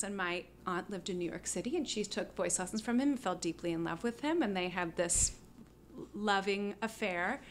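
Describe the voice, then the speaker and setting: A woman guest on an interview podcast, telling stories in a casual, animated way, full of fillers and laughs. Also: medium pitch, slight background noise. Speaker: guest musician.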